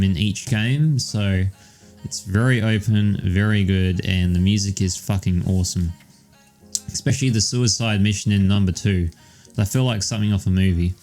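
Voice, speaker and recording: A man's voice: on the low side, a little mellow. A young man chatting casually as podcast co-host, rambling and swearing, with lots of ums. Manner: rambling and profane, with many ums and "all right"s. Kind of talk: casual chat.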